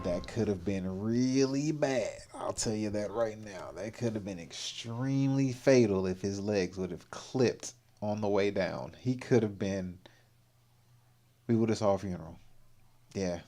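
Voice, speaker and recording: A man's voice: lowish voice, unhurried, mellow. A man hosting a livestream, giving casual, exclamatory reaction commentary and laughing often. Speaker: livestream host.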